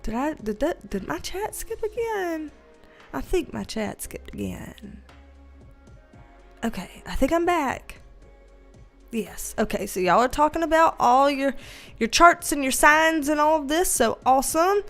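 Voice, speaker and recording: Faint music plays behind a Southern-accented tarot reader hosting a casual livestream. Her high, fairly bright voice has lively intonation and a measured pace as she reads comments aloud, laughs a lot, and chats colloquially with light swearing.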